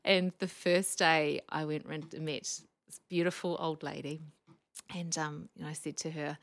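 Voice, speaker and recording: A woman, a speech pathologist guest, telling lively anecdotes and laughing often. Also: low voice, a little fast, gravelly. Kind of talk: casual storytelling chat.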